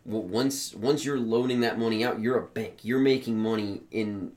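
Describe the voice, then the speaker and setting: A man's voice: on the low side, steady tone, normal speed, a little mellow. A young man co-hosting a podcast, blunt and sardonic in profane casual banter. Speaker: podcast co-host.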